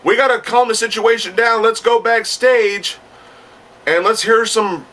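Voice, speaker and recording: A man putting on the voice of a male wrestling commentator in a measured announcer delivery. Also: high-pitched, steady tone, pushed and bright, far from the mic, voice pushed up. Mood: urgent.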